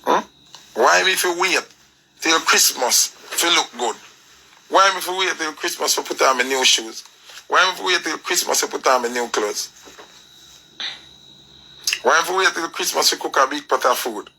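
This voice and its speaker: Jamaican man, commentator, preachy rant, gravelly and hard-edged delivery. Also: on the high side, moderate pace, long pauses, bright, forceful tone, a little hiss or hum, rough recording. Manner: preachy, emphatic, rhetorical questions. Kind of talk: ranting commentary.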